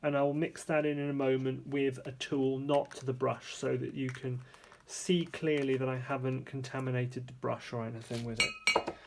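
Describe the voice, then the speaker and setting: A man with a gravelly, fry-edged voice at a middle pitch talks through a painting demonstration at his table. He is relaxed and chatty, thinks out loud, and corrects his own wording mid-sentence. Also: moderate pace, a little hiss or hum. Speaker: art supplies reviewer demonstrating paints. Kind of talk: casual hands-on painting tutorial.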